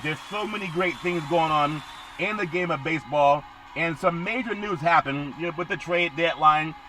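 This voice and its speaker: Guy hosting a sports podcast, jokey and rambly, kinda high bright voice. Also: moderate pace, a little hiss or hum, poor audio. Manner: joking, rambling, repeats catchphrases. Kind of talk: solo sports talk.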